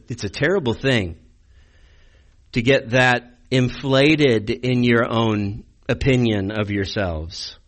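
A male pastor delivering a sermon in an easygoing, conversational way. He slips dry, wry humor between his points and keeps asking his listeners pointed rhetorical questions. His voice sits at an ordinary middle pitch for a man. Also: fairly bright tone.

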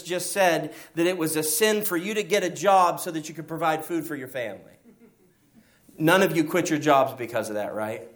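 A man's voice: a little high, moderate pace, fairly bright tone. A man preaching a sermon as pastor, emphatic and asking his listeners rhetorical questions.

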